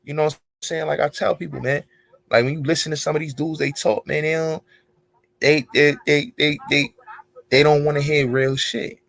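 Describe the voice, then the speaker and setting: A man's voice: fairly high pitch, steady tone, normal speed, gravelly, a bit bright. Emphatic man ranting in street slang. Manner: rambling, emphatic, heavy profanity and street slang. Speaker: show host. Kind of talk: casual monologue.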